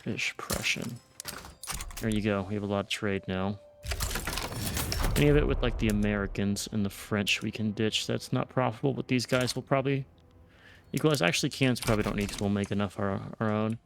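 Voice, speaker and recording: A man's voice: lowish voice, fairly quick, creaky, slight background noise. A man giving casual let's-play commentary on a strategy game, thinking aloud and often restarting or trailing off. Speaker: gameplay streamer.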